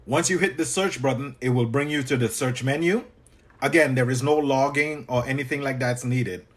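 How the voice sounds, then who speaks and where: A man's voice: medium pitch, normal speed. A man coaching live on a livestream, casual and chatty, talking to viewers by name and repeating himself. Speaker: business coach. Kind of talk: livestream tutorial.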